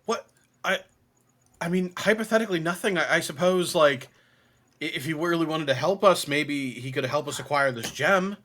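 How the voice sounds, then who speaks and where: A man's voice: a little high, normal speed, a bit bright, no echo. A man playing a tabletop game, hesitant and pedantic in his corrections. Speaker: player.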